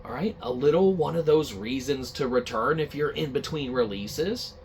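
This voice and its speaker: A man's voice: mid-range voice, moderate pace, darkish tone, a little hiss or hum. A man hosting a comedic gaming news show, rambling and cursing freely as he jokes. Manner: profane, rambling, joking. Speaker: podcast host.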